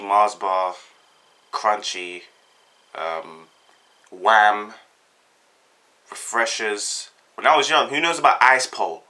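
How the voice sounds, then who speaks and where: Doing a tag as a vlogger, a young South Londoner talks in a lowish, pushed and bright voice. His chat is casual and jokey, rambling and laid-back, packed with slang and delivered in a South London accent.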